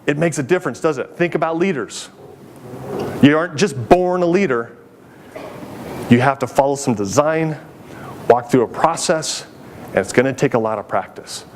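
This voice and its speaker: A middle-aged man gives an animated keynote talk in a conference hall, with his voice pitched a bit high for a man. He tells stories with energy and slips into the voices of the people he describes. A faint hum of the room sits behind him. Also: normal speed, pauses often. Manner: animated, acts out quoted voices. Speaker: keynote speaker. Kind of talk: storytelling keynote speech.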